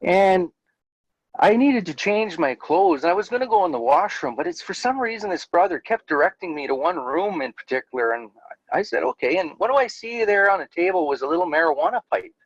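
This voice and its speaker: A man's voice: sits high, very animated, fairly quick, gravelly, no echo, highs cut off. A middle-aged man, candidly telling his personal story as an interview guest, with frequent fillers.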